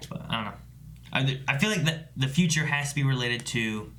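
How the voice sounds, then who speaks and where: A man's voice: mid-range voice, lively intonation, fairly quick, sharp tone. A man co-hosting a casual reaction chat, laid-back and musing as he thinks aloud. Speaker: show co-host.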